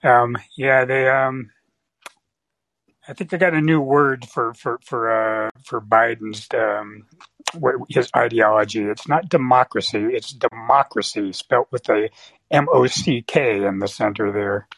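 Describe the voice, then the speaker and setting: A man's voice: mid-range voice, fairly even intonation, a little slow, vocal fry, a bit bright. A man calling in to a podcast, chatting casually, chuckling and hesitating with fillers. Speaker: caller. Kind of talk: casual phone-in chat.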